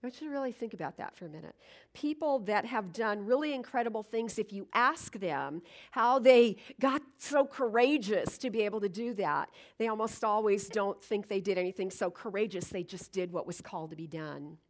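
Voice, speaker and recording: A woman's voice: medium pitch, expressive, moderate pace. A middle-aged woman giving an earnest, reflective inspirational talk, with fillers and restarts. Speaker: speaker.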